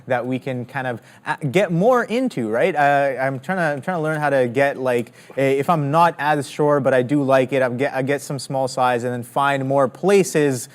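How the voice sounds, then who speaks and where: A man's voice: mid-range voice, normal speed, hardly any pauses. A man co-hosting a live trading show, explaining his trades in a rambling way full of fillers.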